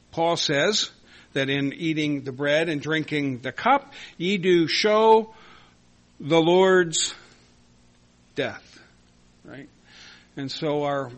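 Man, pastor at the Lord's table, unhurried and halting sermon delivery. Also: a little high. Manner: slow, halting, with many fillers and soft laughs. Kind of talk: communion sermon.

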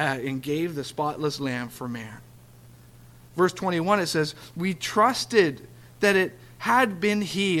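A man's voice: fairly high pitch, a bit bright. A man preaching a conversational sermon, laughing often and acting out the dialogue from scripture.

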